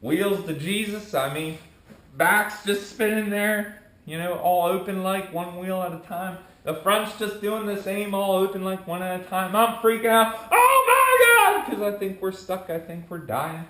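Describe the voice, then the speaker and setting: A little slow and high-voiced, a young man starting his vlog channel rambles through a casual story in an echoey room. He's animated and plays the parts of his friends as he quotes them.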